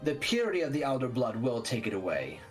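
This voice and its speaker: A man voicing a brisk, cool-headed female vampire doctor who speaks in a calm, clinical, matter-of-fact way. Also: medium pitch, soft background music, close to an everyday voice.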